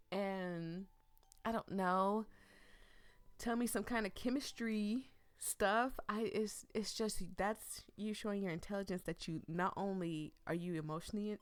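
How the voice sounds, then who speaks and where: A woman's voice: medium pitch, fairly even intonation, unhurried, clean tone, dry recording. A woman giving chatty, ranting commentary while playing a visual novel. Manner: chatty and ranting, talks back to herself. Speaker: let's play streamer. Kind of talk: casual let's play commentary.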